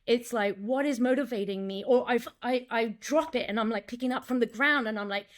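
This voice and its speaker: A woman director and acting coach in a casual interview, talking in an animated way, acting out lines and quotes, with many restarts. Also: a little high, fairly quick.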